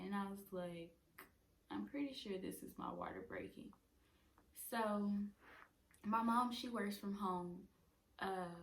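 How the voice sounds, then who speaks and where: A young woman in her twenties casually telling a personal story at home, chatty and animated. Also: medium pitch. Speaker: vlogger. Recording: roomy echo.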